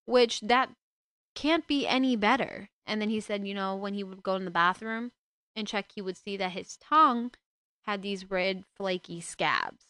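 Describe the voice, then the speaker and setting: Woman host retelling a book casually, worked-up asides, smooth voice, dry close sound. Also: mid-range voice, moderate pace, sharp tone, dry recording. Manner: indignant, emotional asides.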